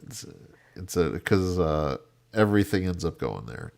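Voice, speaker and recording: A man hosting a casual political panel show, talking fast with quick asides and cutting in on others. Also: sits low, sing-song, vocal fry, darkish tone. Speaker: host.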